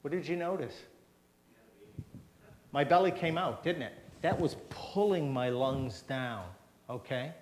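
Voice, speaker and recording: Man teaching a breathing technique. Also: a little high. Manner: explains step by step with frequent "okay?" checks; demonstrates breathing, coaxes audience to join. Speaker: seminar presenter. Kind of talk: health seminar talk to an audience. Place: church hall.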